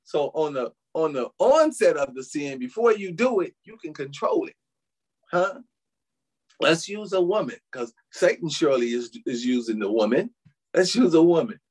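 A man's voice: fairly high pitch, very animated, normal speed, a little mellow, husky. A male pastor preaching a sermon, calling out to the congregation with frequent amens, hallelujahs and little laughs. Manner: preaching with frequent "amen" and laughs, addressing "saints".

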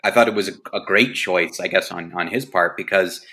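A man co-hosts a casual podcast. His voice sits fairly low and sounds bright and forceful. He mulls his points aloud, restarting as he goes. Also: brisk. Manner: agreeable, thinking aloud with restarts. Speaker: podcast co-host. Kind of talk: casual movie discussion.

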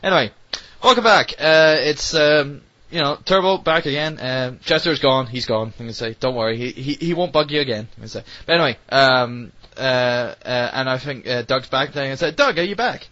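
A man's voice: mid-range voice, brisk, sharp tone, dull audio. A man hosting a podcast, chatting casually and rambling with many fillers and restarts. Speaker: podcast host. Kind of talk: casual chat.

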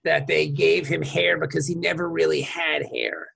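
A man in casual podcast chat, profane and excitable, who laughs often. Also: a little high, normal speed, gravelly, slight background noise.

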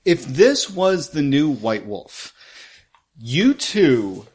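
A man's voice: fairly high pitch, big pitch swings, very slow, a little mellow, breathy edge. A man playing a tabletop game, tossing out dry, sarcastic quips. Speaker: player. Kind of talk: casual tabletop game play.

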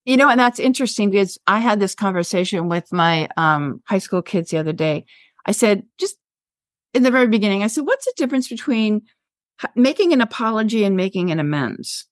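A woman in her sixties, a longtime health teacher, speaks briskly and expressively in a mid-range voice as a podcast guest. The recording is dry and studio quality, and she tells classroom stories with passionate emphasis.

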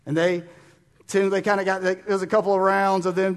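A man preaches with a high, bright voice that rings out in a big reverberant hall. He is fervent and urging, sometimes dropping low and slow, then bursting out loud. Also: steady tone. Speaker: pastor. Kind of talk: sermon. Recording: long reverb of a large room.

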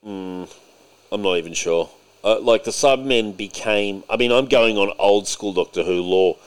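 Man, low voice, sarcastic, ranting, casual podcast co-host. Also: moderate pace, clean tone.

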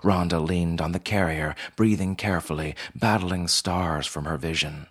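Male narrator, deep and husky, measured unhurried read. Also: fairly even intonation. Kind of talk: scripted narration.

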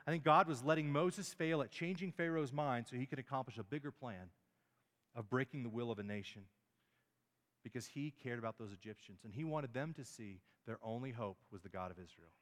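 A man's voice: mid-range voice, a little fast, fairly bright tone. A male pastor preaching a sermon, emphatic, with many rhetorical questions and small stumbles on words. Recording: long hall reverb.

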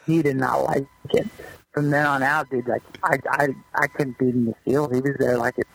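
A man's voice: mid-range voice, normal speed, creaky, rough recording. A man in a casual podcast interview, loosely telling stories of his pro baseball days with many fillers. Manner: loose, animated storyteller with lots of fillers. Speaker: guest, former pro baseball player.

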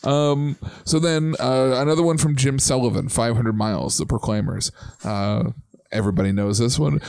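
A man hosting a casual podcast chat, relaxed and full of ums, now and then singing chant lines. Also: medium pitch, normal speed, gravelly, clear, resonant tone, dry recording, clean studio sound. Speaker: podcast host.

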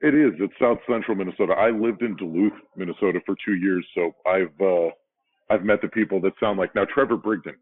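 A man with a very deep, low voice, speaking in a rambling, self-deprecating way as a guest on a casual podcast. The sound is thin and narrow, like it is coming down a phone line. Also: brisk. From Pennsylvania, USA. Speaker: baseball broadcaster.

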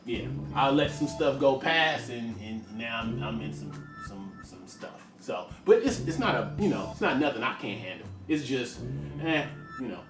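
Brief: man in his late forties, frank rambler, lively up-and-down delivery, recorded from across an echoey room with music playing underneath. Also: medium pitch, measured pace, far from the mic. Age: 40s. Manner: rambling, frank, stop-start with many restarts. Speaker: musician talking about his work. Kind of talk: casual monologue.

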